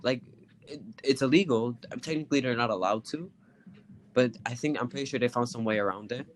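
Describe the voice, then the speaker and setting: A man's voice: mid-range voice, brisk. A young man, a podcast guest, chatting casually and rambling, often laughing. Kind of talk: casual chat.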